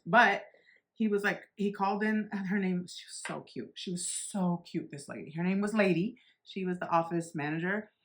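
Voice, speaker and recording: Her voice is fairly low with a steady tone at normal speed as the forties-aged beauty vlogger shares a personal story. She's candid and blunt, swearing freely and imitating what others said.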